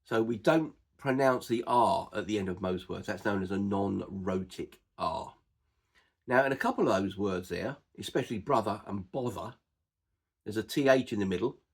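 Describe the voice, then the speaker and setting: A man with an Estuary English accent gives an informal lesson on dialect. His voice sits low and has a rough, gravelly grain. He explains at an unhurried pace, with frequent "uh" and "um". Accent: Estuary English, Cockney-like. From edge of East London and Essex, England.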